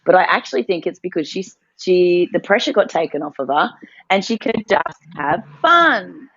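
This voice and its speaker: A woman's voice: on the low side, big pitch swings, normal speed, a bit bright, dull audio, a little hiss or hum. A woman co-hosting a morning mindset session, telling a family story in a chatty, rambling way and laughing often. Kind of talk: casual chat, storytelling.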